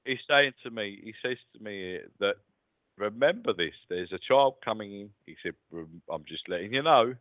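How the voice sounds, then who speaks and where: A British man speaks as a guest medium, chatty and earnest. His low voice moves up and down freely. It comes through a thin, phone-like line. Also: lively intonation, normal speed. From United Kingdom. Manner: chatty, earnest, relaying messages. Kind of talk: casual call-in chat. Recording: tinny phone-line sound.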